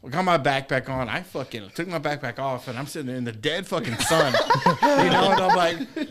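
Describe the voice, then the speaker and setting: A middle-aged man on a podcast, telling a story with many laughs and curses. His voice sits somewhat high and swings widely as he talks. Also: very animated, moderate pace, a crowd in the background. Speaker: podcast guest. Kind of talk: casual storytelling. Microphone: studio microphone.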